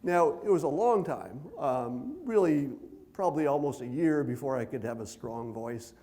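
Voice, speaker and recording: A man giving a conference keynote speech, conversational with dry self-deprecating humor, deliberately speaking at a raised pitch. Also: lively intonation, mellow. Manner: loose, unhurried delivery with many fillers and asides.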